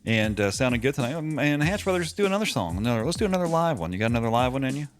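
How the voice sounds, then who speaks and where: Fast-talking man hosting radio. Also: medium pitch, big pitch swings, soft background music. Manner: enthusiastic and encouraging, talks over others. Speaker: radio show host. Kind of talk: casual on-air chat.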